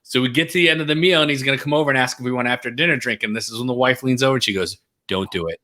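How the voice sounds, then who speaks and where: A middle-aged man with a bright, forceful voice tells a story in a casual, animated way. He slips into comic voices for the people he quotes, then drops back to his own. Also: mid-range voice, racing. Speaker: podcast guest.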